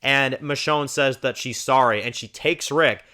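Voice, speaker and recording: A channel host who reviews TV shows talks through an episode at an unhurried pace, his thoughts meandering and padded with "you know" and fumbled restarts. His ordinary-pitched male voice is bright and forward, and it gets livelier whenever he recounts scenes.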